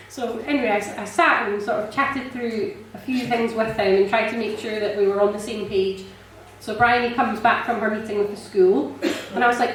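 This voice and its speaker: A woman sharing a personal testimony in church, chatty and animated, laughing often and filling pauses with ums. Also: fairly high pitch, a little hiss or hum. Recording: echoey church hall, mic from a distance.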